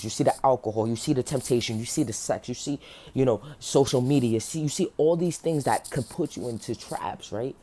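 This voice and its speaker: A man's voice: mid-range voice, darkish tone. A man giving an earnest, passionate faith talk to his viewers, close to tears and full of "like" fillers. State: near tears. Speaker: faith vlogger. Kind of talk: emotional motivational monologue.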